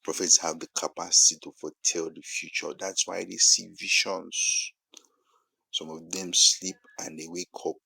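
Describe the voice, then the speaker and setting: A man with a Nigerian English accent preaching a sermon-style monologue, repeating phrases for emphasis and building to loud peaks. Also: low-pitched, level tone, moderate pace, gravelly, slightly rough, no echo, low-quality recording.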